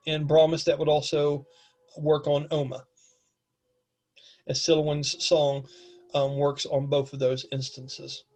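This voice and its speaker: Male game master, slightly high pitch, descriptive narration peppered with ums.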